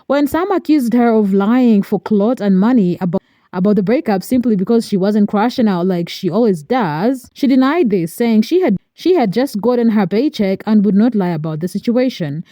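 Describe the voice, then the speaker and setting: A woman narrating a celebrity gossip recap in a steady, explanatory way. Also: mid-range voice, normal speed, no room sound, clean studio sound. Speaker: commentary narrator. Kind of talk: scripted narration.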